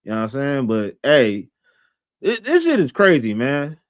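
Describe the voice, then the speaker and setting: A man's voice: mid-range voice, wildly swooping pitch, moderate pace. A man in his thirties hosting a live reaction stream, joking in slang and chatting with viewers. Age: 30s. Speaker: livestream host. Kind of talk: casual live reaction commentary.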